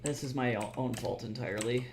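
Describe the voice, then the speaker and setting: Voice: medium pitch, fairly quick, gravelly, background noise. A streamer chatting casually and rambling, swearing freely, tired from too little sleep. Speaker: livestreamer. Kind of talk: casual livestream chat.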